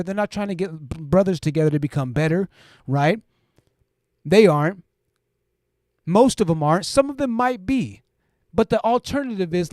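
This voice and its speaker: A livestream host with a fairly high, darkish voice reads viewer comments aloud and chats about them. He keeps tacking "right?" onto sentences, interrupts himself with restarts, and repeats phrases, all in echo-free studio-quality sound.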